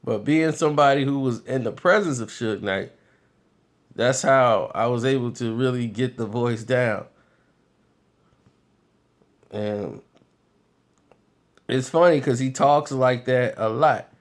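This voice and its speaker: A man vlogging, telling casual stories in an animated, loose way with frequent laughs. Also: medium pitch, takes it slowly, pauses often. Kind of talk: casual storytelling.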